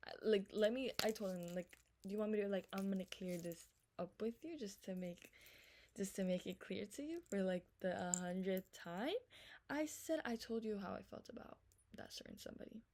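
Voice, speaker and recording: A woman's voice: mid-range voice, dark tone. Exasperated young woman ranting a storytime. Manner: rapid, profane, exasperated retelling of texts. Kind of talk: storytime vlog.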